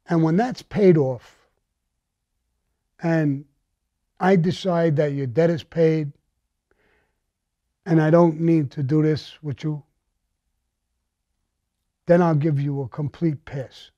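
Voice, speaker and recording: A tough man tells a gritty story in a blunt, menacing, heavily profane way. His voice sits a little high yet sounds dark and mellow, captured dry and dull on a lo-fi recording. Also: dry recording. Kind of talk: recounting a crime story.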